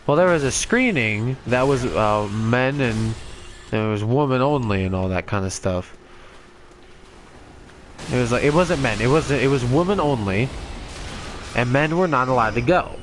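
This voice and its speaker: A young man hosts a game playthrough, talking at an ordinary pitch through a desktop mic. He rambles casually, laughs a lot and fills pauses with ums and likes. A faint hiss sits underneath the voice. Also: expressive. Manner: rambling, laughs often, many fillers. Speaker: gaming channel host. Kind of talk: casual chat while playing a game.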